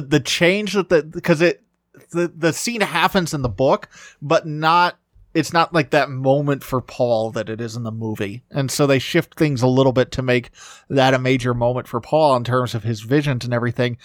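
Man, podcast co-host, eager casual chatter, mid-pitched voice, dry close-mic sound. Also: a bit bright, dry recording. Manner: enthusiastic, talks with frequent restarts. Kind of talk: casual film discussion.

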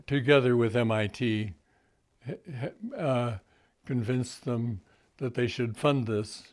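An older man being interviewed, recalling past events slowly, with frequent fillers and restarts. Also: medium pitch, a little mellow. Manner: halting, many fillers and restarts. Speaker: interview guest.

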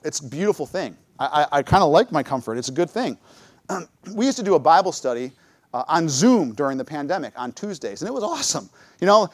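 Lively middle-aged man telling church stories. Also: a little high, no room sound. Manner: lively storytelling, acts out his own quotes. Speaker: church speaker. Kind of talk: church talk with personal stories.

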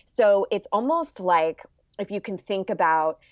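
A woman's voice: medium pitch, animated, unhurried, a little mellow, dry recording. A woman guest in a casual interview, explaining things earnestly and sometimes acting out an inner voice. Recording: dull lo-fi sound.

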